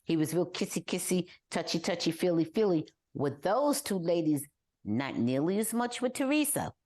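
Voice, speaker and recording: An older woman co-hosting a casual podcast chat, talking in an animated way and mimicking people with exaggerated high wails. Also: moderate pace. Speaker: podcast co-host.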